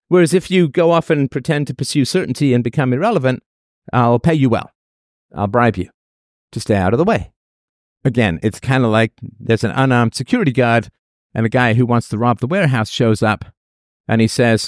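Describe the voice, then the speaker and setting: A man's voice: mid-range voice, fairly quick, dry recording, studio quality. A man delivering an emphatic philosophical monologue and repeating his points to drive them home. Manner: emphatic, repetitive, argumentative.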